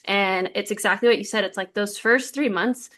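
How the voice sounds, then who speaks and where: A woman co-hosting a podcast, telling stories in a lively casual chat full of "like" fillers. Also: mid-range voice, moderate pace. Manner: lively storyteller, many "like" fillers. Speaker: podcast co-host.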